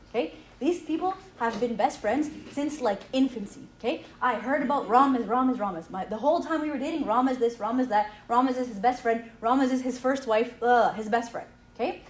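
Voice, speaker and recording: A woman in her thirties giving an animated talk with slides at a church gathering, often tagging her sentences with "okay?". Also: a little high, moderate pace, few pauses. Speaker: speaker at a church youth talk. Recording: echoey hall, faint ambience.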